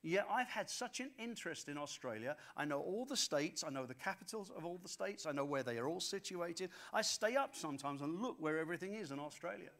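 Male pastor, high-pitched, energetic storytelling sermon delivery with repeated emphatic phrases. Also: a little fast, hardly any pauses.

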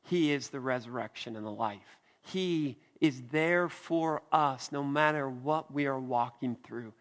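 A man preaching a sermon as pastor, earnest and deliberate, with soft emphatic pauses. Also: medium pitch, big-room sound. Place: church.

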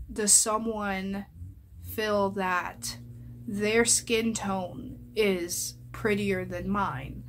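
A young woman talks straight to her viewers in a vlog, earnest and measured. She speaks slowly, taking her time over each thought, with a heartfelt tone at a mid pitch. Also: fairly bright tone, a little hiss or hum. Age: young adult. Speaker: vlogger. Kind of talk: personal address to viewers.

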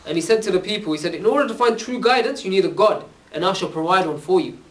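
A man's voice: high voice, animated, fast talker, fairly bright tone. A man giving an informal religious talk to young people, telling stories casually and checking in with a questioning "yeah?" after nearly every phrase. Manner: casual, conversational storytelling. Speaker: religious speaker. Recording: distant from the mic.

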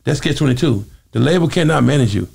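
A man who is a former singer, telling lively stories in an interview and acting out the voices of other people in them. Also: vocal fry, husky. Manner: quick, lively storytelling, acting out quoted voices with big jumps in pitch. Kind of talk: animated storytelling interview.

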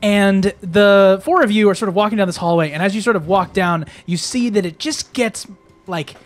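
A man narrating as game master, rambling with many fillers and quick laughs. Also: sits high.

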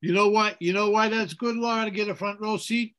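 High-voiced priest teaching a Bible study. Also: male voice, fairly quick. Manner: animated, chanting liturgical phrases and asking the group questions.

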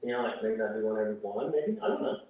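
A man's voice: fairly low pitch, very animated, racing, narrow, tinny audio, a little hiss or hum. A man co-hosting a livestream, reading viewer comments aloud and joking in casual chat. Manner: joking, laughs at himself. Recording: distant, very echoey room.

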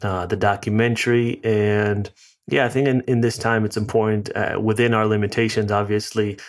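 A man's voice: lowish voice, flat delivery, moderate pace. A man with an American accent hosting a podcast, talking in a rambling, casual way full of fillers. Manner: rambling, filler-heavy, chatty. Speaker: podcast host.

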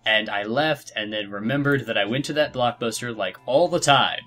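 A young man co-hosting a game playthrough, telling stories in a chatty, animated way with lots of fillers. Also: mid-range voice, normal speed, faint music behind. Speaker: let's play co-host. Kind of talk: casual gameplay chat.

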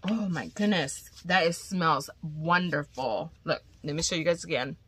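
Slow, gushing woman with a cold. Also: low-pitched, husky, no room sound. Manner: gushing, excited, often drops to a whisper. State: congested from a cold. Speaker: crochet vlogger. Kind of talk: casual unboxing chat to viewers.

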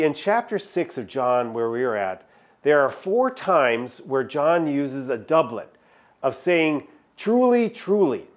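A male pastor giving a sermon in a conversational style, stressing key words with emphatic repetition. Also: medium pitch. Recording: filmed sermon video.

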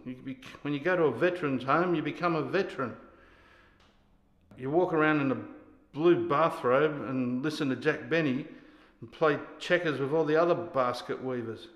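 An actor playing a drunk, bullying older army sergeant who barks insults and orders. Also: male voice, fairly high pitch, normal speed, lightly acted. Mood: commanding. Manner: barking, insulting, commanding. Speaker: actor in a scene. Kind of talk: stage scene acting. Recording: echoey hall.

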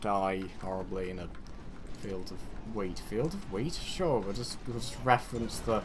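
A British man from the United Kingdom giving rambling, excitable game commentary with sarcastic asides. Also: lowish voice, a little slow, noisy background. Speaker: let's play gamer.

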